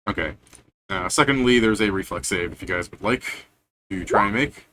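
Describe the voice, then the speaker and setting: A man's voice: on the low side, moderate pace, sharp tone, slight background noise. A man running a tabletop game as game master, casual and profane, making rulings on the fly.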